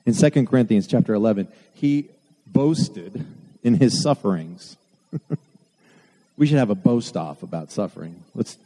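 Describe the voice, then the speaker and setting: A man's voice: fairly low pitch, lively intonation, unhurried, pauses often, mellow, breathy edge. A man preaching a sermon to his church, earnest with self-deprecating asides. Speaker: pastor. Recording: long hall reverb.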